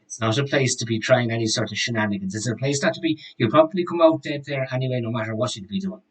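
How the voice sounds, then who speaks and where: A man's voice: mid-range voice, big pitch swings, fast talker, close to an everyday voice, poor audio. A man voicing a chatty, gossipy middle-aged frontier shopkeeper who rambles and restarts his sentences in a tabletop game. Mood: blunt. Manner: rambling, hesitant, full of restarts. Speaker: game master.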